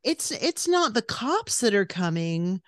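Woman, podcast host, blunt profane rant, mid-pitched voice, dry close sound. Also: big pitch swings, a little slow, fairly bright tone, no room sound. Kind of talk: casual chat.

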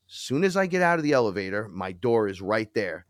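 A man, a podcast guest telling animated, profane stories and acting out the quotes. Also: fairly low pitch, a little fast, dry recording, studio quality. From Bronx, New York. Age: 40s. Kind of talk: casual storytelling.

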